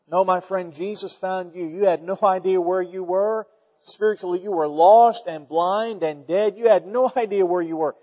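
A man preaching a sermon, telling stories and swinging between loud emphatic peaks and quiet asides. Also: high-pitched, normal speed, long reverb tail, highs cut off.

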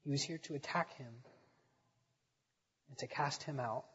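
A man preaching a sermon to a congregation, rising to loud emphatic swells and dropping back to quiet speech. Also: mid-range voice, a little slow, breathy edge. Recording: dull echoey sanctuary recording.

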